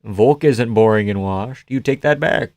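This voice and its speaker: Profane streamer yelling fight reactions. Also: male voice, on the low side, unhurried, no echo. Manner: casual, profane, answers chat, yells at big moments. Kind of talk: live fight reaction commentary.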